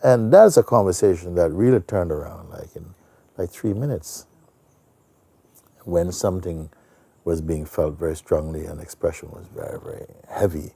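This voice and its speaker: A man who is a spiritual teacher, telling a story in a soft-spoken, relaxed way with many fillers. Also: sits low, moderate pace, creaky, breathy edge, no room sound. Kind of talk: storytelling talk.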